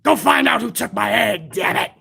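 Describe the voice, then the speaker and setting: A hoarse man doing an impression of a gruff older male wrestling boss, shouting in a raspy bellow. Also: high voice, animated, moderate pace, exaggerated voice. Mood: furious.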